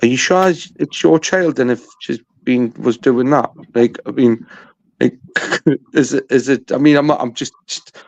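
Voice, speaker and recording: A man in casual chat on a livestream, blunt, crude and teasing. His voice is gravelly with plenty of fry. The audio is dry and dull, like lo-fi call sound. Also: mid-range voice, a little slow, a little mellow, dry recording.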